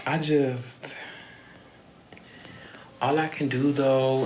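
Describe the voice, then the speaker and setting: A man's voice: medium pitch, lively intonation, takes it slowly, pauses often, noisy background. A young man talking candidly in a rambling confessional vlog, swearing freely and sighing often. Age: young adult. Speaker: vlogger. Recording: echoey room.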